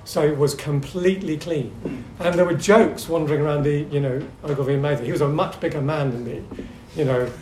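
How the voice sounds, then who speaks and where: A middle-aged man speaking at a seminar, telling anecdotes in a lively but hesitant way, full of ums and restarts. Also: on the high side, fairly quick, hardly any pauses. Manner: lively storyteller. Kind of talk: anecdotal talk to a seminar audience. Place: echoey meeting room. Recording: echoey room with faint hum.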